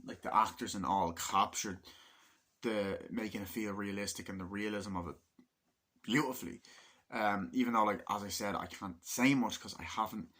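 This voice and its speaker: Rambling, sweary man reviewing a film. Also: on the low side. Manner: rambling, swears a lot, acts out quotes in a raised shouting voice. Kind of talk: casual spoken film review.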